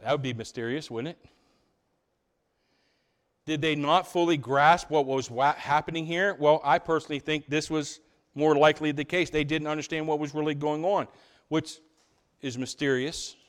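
A man preaching a sermon to his church, swinging between loud emphatic lines and hushed low passages, often asking the congregation rhetorical questions. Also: fairly even intonation, normal speed, clean tone. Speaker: pastor.

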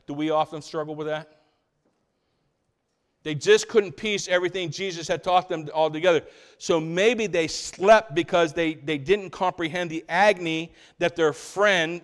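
A man preaches to his congregation in a fairly high-pitched voice. He swings between loud, stressed lines and quiet, low passages. He often stops to ask his listeners rhetorical questions. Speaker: pastor. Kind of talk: sermon.

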